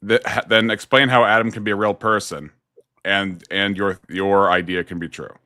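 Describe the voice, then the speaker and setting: Guest guy on a stream, lowish bright voice, calm, teasing, dry mic. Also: moderate pace, dry recording. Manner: calm, teasing, laughs at others. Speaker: guest on a livestream. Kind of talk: casual debate chat.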